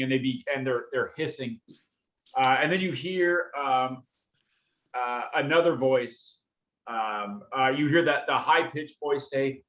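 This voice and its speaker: A man narrating as game master for a tabletop game, halting with many fillers. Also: mid-range voice, a bit bright. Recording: roomy echo.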